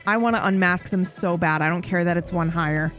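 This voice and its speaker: A woman's voice: on the low side, fairly quick, a bit bright, soft background music. A woman streamer playing a game live, chatting expressively, swearing freely and reading the game text aloud.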